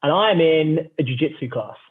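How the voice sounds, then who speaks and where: A man with a fairly high voice tells a story in a cheeky, animated way and swears freely. He comes through a thin, tinny remote line that sounds like a phone call. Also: fairly quick. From England. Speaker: startup founder, guest.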